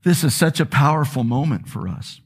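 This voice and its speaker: A man's voice: medium pitch, lively intonation, moderate pace, husky. A man preaching a sermon to a congregation, telling a personal story in an earnest, confessional way. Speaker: pastor.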